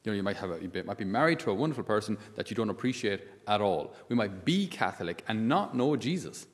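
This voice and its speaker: Priest preaching in a reverberant church. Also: male voice, lowish voice, fast talker. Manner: conversational, animated with many asides and rhetorical questions. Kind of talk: sermon.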